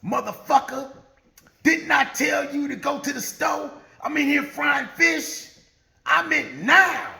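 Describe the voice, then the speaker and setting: A man voicing a mean, loud wife who yells and curses, with roomy echo. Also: extremely high pitch, slow pace, creaky, voice pushed up, full character voice. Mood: furious yelling. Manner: cursing, yelling.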